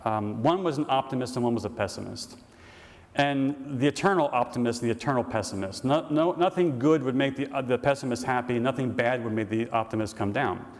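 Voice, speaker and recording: A man's voice: medium pitch, fairly quick. A middle-aged man, an Orthodox priest, giving a conference talk and answering questions, telling stories in a folksy way with fillers. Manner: folksy storyteller, many fillers. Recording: reverberant hall.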